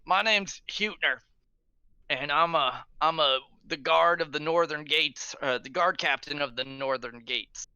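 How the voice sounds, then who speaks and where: A man's voice: a little high, unhurried, pushed and bright, clear, resonant tone, no echo, lo-fi sound, full character voice. A man voicing a drunk, jovial elderly male guard captain who hiccups and stumbles over his words in a tabletop game.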